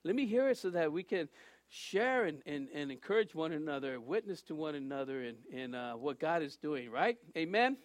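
A man preaching to his congregation, telling a rambling, animated personal story and then leading a prayer, with many restarts. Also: fairly high pitch, moderate pace. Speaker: pastor. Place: church.

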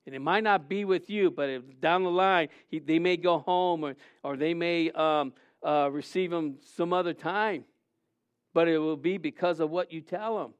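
A man preaching a sermon, animated and conversational, often acting out quotes in a raised voice. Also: a little high, normal speed, clean tone. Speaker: pastor. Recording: dull lo-fi sound.

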